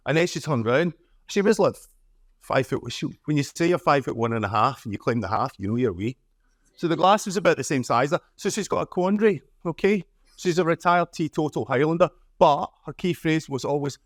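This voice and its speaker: A man's voice: a little high, animated, brisk, dry recording, clean studio sound. Scottish man telling stories on stage. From Scotland. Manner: chatty and humorous, often tags lines with 'okay?'. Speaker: conference speaker. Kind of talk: conference talk with storytelling.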